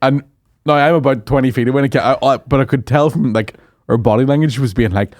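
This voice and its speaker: A man's voice: mid-range voice, quick pace, a little mellow, no room sound, studio quality. A man, a comedian guest telling rambling, sweary anecdotes in casual chat, laughing as he goes.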